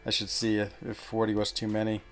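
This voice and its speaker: A man's voice: fairly low pitch, monotone, brisk, a bit bright, soft background music. A man streaming a mobile game, chatting casually and rambling, often stopping with fillers to search for words. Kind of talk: casual live-stream chat.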